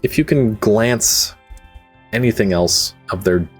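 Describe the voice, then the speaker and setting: A man's voice: on the low side, slow pace, breathy edge, faint music behind. A young man running a tabletop game as game master, narrating casually at home into his own microphone, rambling with lots of "like" and "um" and laughing easily.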